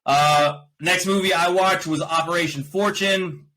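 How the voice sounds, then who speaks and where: This man's voice is high and a little slow, captured in a rough recording. He hosts a podcast of casual review chat, laughing often as he rants excitedly about films and series he watched.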